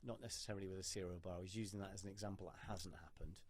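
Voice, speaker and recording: Animated, cursing male podcast host. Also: low-pitched, very fast. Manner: animated storyteller, swears freely. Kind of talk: casual conversation.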